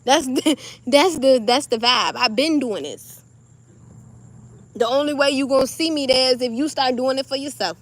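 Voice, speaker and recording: A woman with a slightly high voice talks straight to her viewers in a loose, animated spiritual pep talk. Her comes through clearly, and she acts out little scenes with a playful laugh. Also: moderate pace. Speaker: spiritual vlogger.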